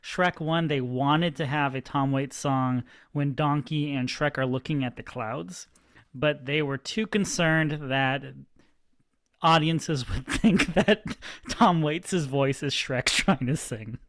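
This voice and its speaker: A man's voice: a little high, takes it slowly, fairly bright tone, no echo. A man co-hosting a podcast, chatting casually, sharing trivia and dry wisecracks. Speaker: podcast co-host. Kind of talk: casual chat.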